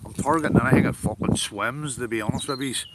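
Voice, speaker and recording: A man's voice: medium pitch, quick pace, very noisy. A man with a Northern Irish accent live-streaming outdoors while fishing, chatting casually, swearing often and answering his viewers' comments. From Northern Ireland.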